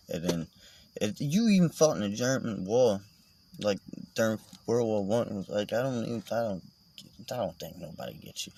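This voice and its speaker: Low-voiced man rambling profanely. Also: gravelly. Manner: profane, meandering, joking. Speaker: vlogger. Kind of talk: casual rambling monologue.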